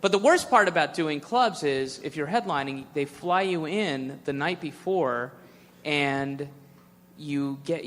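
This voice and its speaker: A man ranting through a profane, sardonic stand-up bit in a high, sharp voice. The sound rings in a reverberant room with faint noise behind. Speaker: stand-up comedian.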